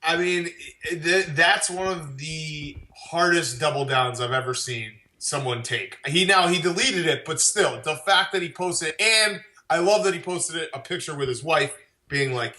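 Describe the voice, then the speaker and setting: Man, podcast co-host, bright voice, echoey room, profane, jokey banter. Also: a little high, a little slow. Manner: loose, profane, jokey delivery. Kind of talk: casual news banter.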